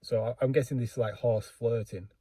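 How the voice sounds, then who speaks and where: A man tells a rambling, self-deprecating story to his vlog audience, stopping and restarting as he goes. His voice is mellow and a little husky. It sounds dry and close, with no room echo. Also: mid-range voice, fairly even intonation, a little fast. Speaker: book vlogger. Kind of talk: casual storytelling.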